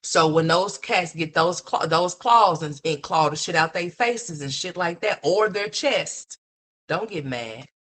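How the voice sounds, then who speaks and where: A woman with a low voice hosts a ranting commentary stream. She scolds bluntly and curses freely. Now and then she mocks other people by mimicking them in a higher voice. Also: expressive, a little slow, fairly bright tone. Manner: blunt, scolding, profane, mocking.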